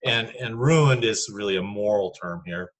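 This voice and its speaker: A man's voice: fairly low pitch, normal speed. A man teaching a poetry class in a chatty, rambling lecture full of fillers.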